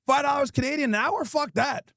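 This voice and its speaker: A man's voice: extremely high pitch, brisk, vocal fry, fairly bright tone, no room sound, clean studio sound. Crude mocking man roasting someone. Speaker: host. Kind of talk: improvised comedy roast.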